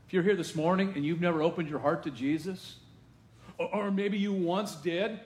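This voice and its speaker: A male pastor preaching a sermon to his congregation in a lively, conversational way, with asides to the room. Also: high voice, brisk, roomy sound. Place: church sanctuary.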